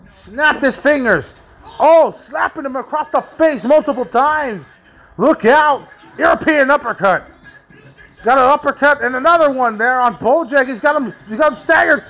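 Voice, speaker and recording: A man hosting a wrestling watch-along, excitedly calling the action, swearing a lot and shouting at the big moves. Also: extremely high pitch, unhurried. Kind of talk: excited live commentary.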